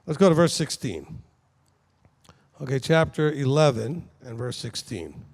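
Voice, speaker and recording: Lively, gravelly-voiced male Bible teacher. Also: medium pitch, measured pace, long pauses. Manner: animated, conversational, asks the audience questions. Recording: long hall reverb.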